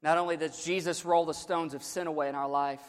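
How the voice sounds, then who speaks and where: A man with a high voice preaches in a church sanctuary, and his words ring out with long hall reverb. He moves between hushed storytelling and joking asides, then builds to loud, dramatic shouts. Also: fairly even intonation, brisk. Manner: humorous asides. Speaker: pastor. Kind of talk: Easter sermon.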